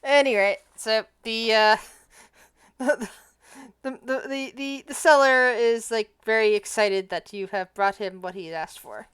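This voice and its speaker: A woman's voice: a little high, unhurried, fairly bright tone, clean tone, no room sound, clean studio sound. A woman with an Appalachian accent, running a tabletop game and chatting with laughs and stumbles. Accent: Appalachian American. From Appalachia, USA. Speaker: game master.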